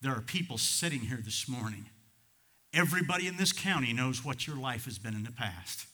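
Bright-voiced man preaching a sermon. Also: mid-range voice, lively intonation, fairly quick. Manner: conversational, chuckling, swelling to fervent emphasis. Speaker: pastor. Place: church service.

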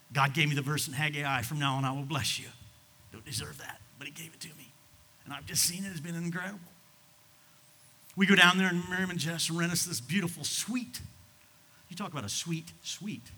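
An older man, a pastor, preaching a sermon in a folksy storytelling manner, dropping to quiet asides and rising to loud, emphatic bursts. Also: on the high side, breathy edge.

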